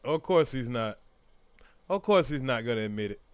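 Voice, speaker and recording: A man's voice: medium pitch, animated, moderate pace, clean tone, no room sound. A man hosting a live stream, giving opinionated, conversational commentary on a trial. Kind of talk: casual commentary.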